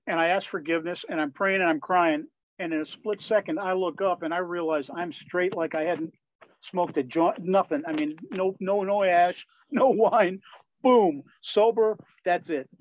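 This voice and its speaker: An older man from Wisconsin, a Christian musician and pastor, telling candid, lively stories as a guest in an interview. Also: sits high, dry recording. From Wisconsin, USA. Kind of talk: storytelling in a conversational interview. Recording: slightly dull, lo-fi sound.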